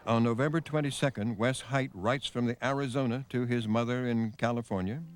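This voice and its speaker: A man narrating a television news documentary in a measured, grave scripted delivery. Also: medium pitch, fairly even intonation. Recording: faint noise on a VHS broadcast.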